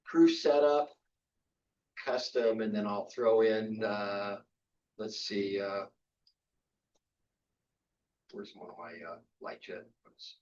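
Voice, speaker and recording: A man's voice: fairly low pitch, slow, pauses often, a little mellow. Older man, casual photo workshop lecture, rambling with restarts, distant, muffled sound. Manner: chatty, rambling, many restarts and fillers. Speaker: photography instructor. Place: club meeting room. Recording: distant, dull room recording.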